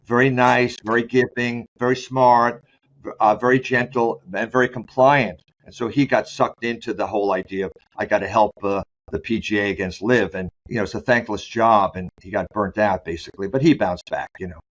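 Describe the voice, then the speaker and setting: A man being interviewed as a sport psychologist, talking candidly and loosely, often restarting his sentences and slowing down to stress key words. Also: mid-range voice, fairly even intonation, a little hiss or hum. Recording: dull lo-fi sound.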